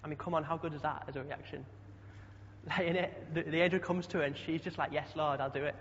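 A man's voice: a little high, fairly even intonation, brisk, a bit bright, slight background noise. A young man preaching a chatty sermon, often asking the congregation questions. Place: church hall. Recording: dull sound with long hall echo.

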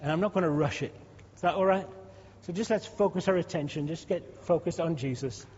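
A man leads his congregation in prayer, stacking fervent, repeated requests. His voice sits high. The sound is dull and hangs in a long church-hall reverb. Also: brisk, a little mellow, husky. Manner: fervent, repetitive, rising pleas. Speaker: pastor.

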